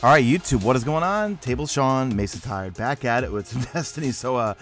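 A man's voice: mid-range voice, a little fast, over music. A young man with a New York accent, sleepy and rambling as he narrates a game walkthrough. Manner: rambling, energetic, self-mocking. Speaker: gaming YouTuber.

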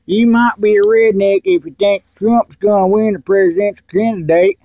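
A man's voice: high-pitched, fairly even intonation, normal speed, gravelly, warm tone, no room sound, lo-fi sound. Man doing a rowdy drawling hillbilly. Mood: rowdy boasting. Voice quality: drawling, rowdy, crude, full of "uh" fillers. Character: loud crude male hillbilly tobacco dipper. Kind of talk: comedy character vlog.

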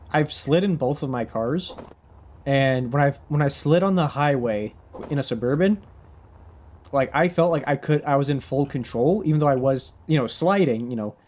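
A man's voice: mid-range voice, darkish tone. A young man chatting casually while live-streaming a game, rambling, restarting his sentences and laughing often.

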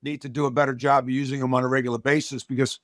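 A podcast guest who coaches and speaks to corporate audiences, this middle-aged man tells stories in a conversational interview, emphatic and repeating words as he opens each thought. His medium-pitched voice is flat in delivery, racing, and a bit bright, recorded with studio quality and no echo.

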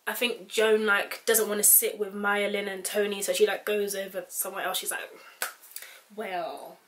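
A young British woman chats to her camera in a loose, rambling way and leans on "like" constantly. Her voice sits in an ordinary middle pitch. She thinks aloud and restarts her sentences as she goes. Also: level tone, a little fast, fairly bright tone. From United Kingdom. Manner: chatty, rambling, heavy use of "like". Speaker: vlogger. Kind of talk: casual commentary to camera.

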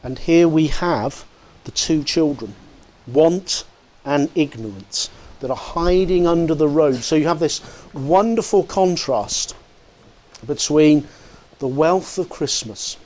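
A man's voice: a little high, slow pace, a little mellow. A man giving a public lecture to an audience in a hall, speaking expressively with shifts in pace and volume for emphasis. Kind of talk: public lecture with dramatic readings.

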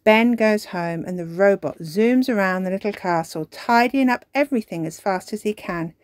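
A woman reading a children's story aloud in a slow, expressive storybook manner. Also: medium pitch, dry recording. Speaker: storytime reader.

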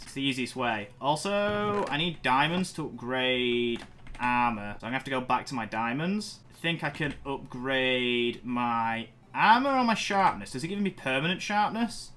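A young man giving excited commentary over his own gameplay, talking to himself and getting loud in fights. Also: mid-range voice. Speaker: gaming YouTuber.

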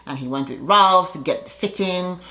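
A woman's voice: fairly low pitch, normal speed, sharp tone. A woman casually recapping a reality show episode in a chatty, gossipy way, laughing often and tossing in sassy asides.

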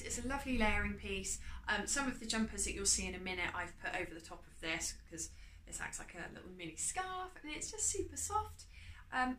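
A woman chatting casually as she shows off her charity shop clothes haul, upbeat and often trailing off quietly. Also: lowish voice, a little hiss or hum. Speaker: vlogger. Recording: echoey room with faint ambience.

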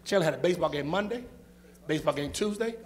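A man's voice: a little high, animated, fast talker. A male pastor, preaching a sermon in a church with rhythmic, repetitive phrasing and call and response.

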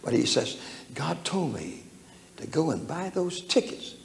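This older man's sermon features a personal story told with folksy chuckles, and he performs the voices of its characters. He speaks a little slowly in a fairly high, gravelly voice that is very animated. It was captured in an echoey church hall with faint noise in the background.

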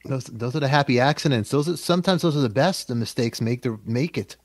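A man's voice: medium pitch, no echo. A man hosting an interview who responds with enthusiastic affirmations. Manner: enthusiastic, quick to affirm and laugh along. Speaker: interview host. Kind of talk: casual interview chat.

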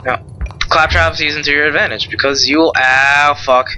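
A young man giving casual gameplay commentary, rambling, swearing often and yelling at the game. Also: fairly high pitch, steady tone, normal speed, slight background noise, rough recording. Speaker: let's play host.

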